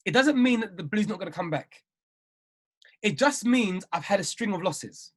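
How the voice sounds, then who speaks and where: Man, trading coach, video call, lively swooping pitch, emphatic, repetitive. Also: moderate pace. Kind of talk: motivational video call with traders.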